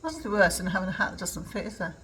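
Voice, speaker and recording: A woman's voice: medium pitch, very animated, rapid-fire, fairly bright tone, a little hiss or hum, poor audio. An older woman from England chatting casually in a home vlog, rambling with lots of ums. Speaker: vlogger. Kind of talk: casual chat.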